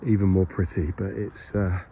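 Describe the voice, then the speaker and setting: A man's voice: deep voice, little pitch movement, normal speed, mellow, slight background noise. Breathless man vlogging outdoors. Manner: chatty, rambling, self-mocking. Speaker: vlogger exploring a historic site. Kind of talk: casual walking vlog. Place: outdoors on a hilltop by a graveyard. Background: birdsong.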